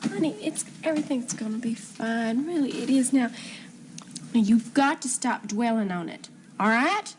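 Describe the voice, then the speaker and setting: An actress playing a sweet, doting young wife and would-be singer in a 1970s TV soap. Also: female voice, a little high, expressive, moderate pace, slight background noise, close to an everyday voice. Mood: soothing.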